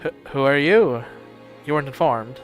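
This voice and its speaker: A man's voice: medium pitch, moderate pace, soft background music, lightly acted. A man voicing a young female servant who talks timidly and stammers. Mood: nervous.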